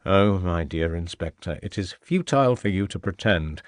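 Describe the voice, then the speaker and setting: Casting: a man playing a gloating, murderous Victorian gentleman villain, low sneering voice, dry close sound. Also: lively intonation, moderate pace, no room sound. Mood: mocking.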